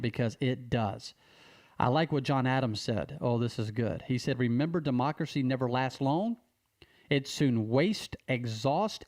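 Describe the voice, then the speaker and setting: A man from Mississippi, speaking an earnest direct-to-camera appeal, repeating key phrases with slow emphasis. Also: mid-range voice, darkish tone. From Mississippi, USA. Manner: repetitive, emphatic, with slow stressed phrases and restarts. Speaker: civic advocate addressing viewers.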